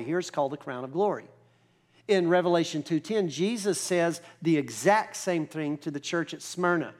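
A man preaching a sermon as pastor, explaining scripture in a conversational, emphatic way. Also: on the high side. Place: church.

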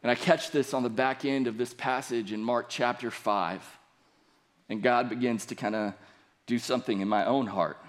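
A man's voice: mid-range voice, steady tone, moderate pace. A young man preaching a sermon, reading scripture aloud and building earnestly to emphatic points. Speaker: pastor.

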